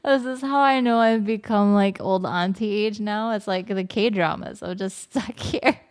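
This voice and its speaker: A woman livestreaming from home retells a story in a chatty, animated way, full of fillers and laughter. Her voice is smooth and clear, sits at a middle pitch, and comes through a streaming mic. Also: a little slow. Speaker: livestream host. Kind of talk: casual chat.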